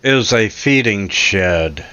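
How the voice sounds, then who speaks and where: A man's voice: on the low side, lively intonation, slow, bright, forceful tone, clean tone. A man running a tabletop game as game master, describing scenes hesitantly with many fillers, on dull lo-fi audio.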